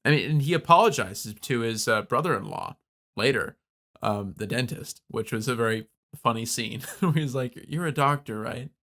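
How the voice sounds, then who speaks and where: A man's voice: medium pitch, moderate pace, pushed and bright. A man co-hosting a podcast, talking through a film's scenes in a thoughtful, casual way. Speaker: podcast co-host. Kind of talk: casual film discussion.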